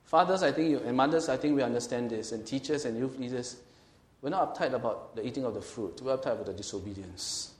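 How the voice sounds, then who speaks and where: A male pastor with a Singaporean English accent delivers an animated sermon, rising to loud bursts and dropping to quiet emphasis. His voice sits in a middle range, and the sound carries a noticeable room echo. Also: mid-range voice, fast. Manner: lively, swings from loud to quiet, laughs often, acts out quotes.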